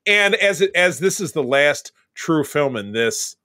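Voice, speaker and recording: Podcast co-host, male, bright, dry close sound, rambling film recaps. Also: on the high side, animated, measured pace, no room sound. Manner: rambling, recaps scenes in detail. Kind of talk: casual movie discussion.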